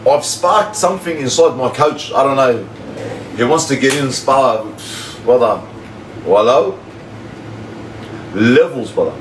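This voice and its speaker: In an unhurried, mid-range voice broken by frequent pauses, a livestream host relates a story to his viewers in casual slang. He's animated and keeps repeating himself. There's echo from the room, a slightly distant mic, and a faint hum.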